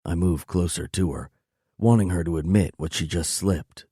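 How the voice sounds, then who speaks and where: A man reading a first-person romance novel aloud in a low, intimate, measured delivery. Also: dark tone, slightly rough, no room sound, studio quality. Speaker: audiobook narrator.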